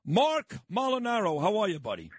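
Husky, combative talk radio host. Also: male voice, high voice, wildly swooping pitch, moderate pace, no room sound. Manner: fired-up, blunt and combative. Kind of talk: talk radio monologue and interview. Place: radio studio. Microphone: studio microphone.

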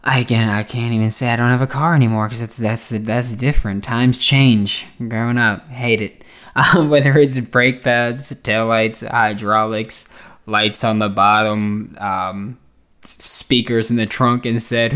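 A man's voice: mid-range voice, steady tone, a little slow, fairly bright tone, clean tone. A young man hosting a sports podcast, reading ads and ranting in a loose, rambling way, often breaking off to laugh at himself. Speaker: podcast host. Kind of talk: casual sports podcast monologue with ad reads.

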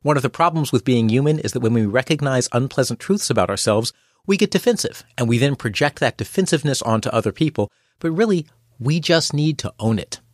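Man, host and coach, playful scripted delivery, very lively pitch. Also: a little fast, no room sound, studio quality. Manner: wry, playful, acts out quoted voices. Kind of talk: scripted podcast narration.

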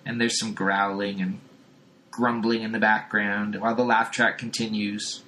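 A man's voice: on the low side, flat delivery, measured pace, bright, forceful tone, slight background noise. A man hosting a podcast, casually recapping a comic book and laughing often. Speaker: podcast host.

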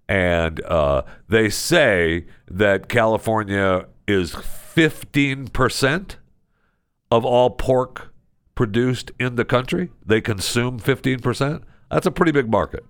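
A man hosting a talk show, ranting in a sarcastic, casual way with big swings in pitch. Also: dry recording. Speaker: radio show host. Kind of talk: casual opinion monologue.

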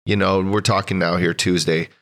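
A man's voice: sits low, flat delivery, normal speed, fairly bright tone. A man from Canada co-hosting a podcast in casual chat, laid-back and agreeable, swearing casually. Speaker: podcast co-host.

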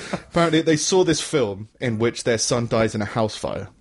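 Husky-voiced man in a rambling comedy chat. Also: mid-range voice, animated, unhurried. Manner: rambling, laughs often, swears. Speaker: podcast co-host.

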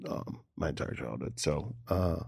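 Brief: low-pitched man in his forties, candid emotional storytelling, halting and restarting, dry close sound. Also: creaky, darkish tone, slightly rough, dry recording. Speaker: interview guest, comedian.

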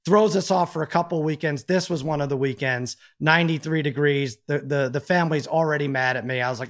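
Man co-host, middle-aged, self-mocking storyteller with a slightly high voice. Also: a little fast. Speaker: podcast co-host. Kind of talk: casual chat.

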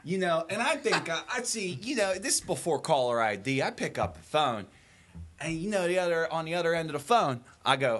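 Husky folksy storytelling man. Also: a little high, expressive, normal speed, long pauses, fairly bright tone. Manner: folksy, storytelling, dropped grammar. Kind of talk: casual comedic banter.

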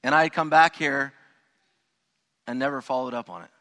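A pastor with a bright, forceful mid-range voice tells his congregation a personal story at normal speed, loosely and conversationally, often restarting and going off on asides. This storytelling sermon is heard in a church sanctuary with long hall reverb.

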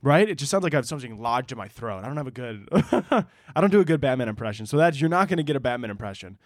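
A man's voice: mid-range voice, big pitch swings, fast talker, dry recording. A man hosting a solo podcast, talking casually in a rambling, profane, joking way into a close mic. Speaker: podcast host.

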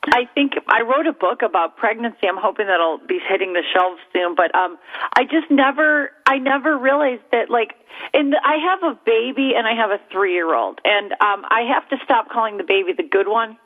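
A woman in her thirties jokes through an interview in a sassy, self-mocking way. Her voice sits fairly high. It comes through a narrow, tinny phone line. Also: normal speed. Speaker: comedian guest. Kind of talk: joking interview chat.

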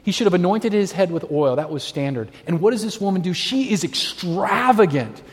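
A man's voice: sits high, lively intonation, brisk. A man preaching a sermon, telling stories animatedly and acting out the voices of people he quotes. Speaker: pastor. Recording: long hall reverb.

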